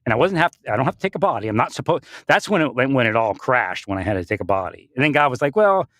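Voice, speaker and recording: A man's voice: mid-range voice, animated, very fast, fairly bright tone, no room sound. Guy rambling on about spiritual stuff, laughs a lot, voice jumps around, dry close mic. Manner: rambling, laughs often, restarts sentences. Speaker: spiritual speaker. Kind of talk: rambling monologue.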